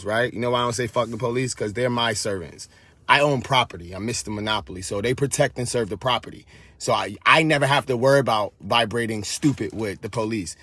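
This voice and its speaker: A man's voice: mid-range voice, pushed and bright, no room sound. A man in his thirties giving a heated, profane monologue, swearing and preaching at the listener. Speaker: vlogger. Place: San Francisco Bay Area.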